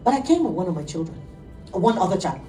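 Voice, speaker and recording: A middle-aged woman pastor preaching an animated sermon, laughing often as she tells stories. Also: fairly low pitch, fast, faint music behind. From Nigeria. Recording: echoey room, heard from a distance.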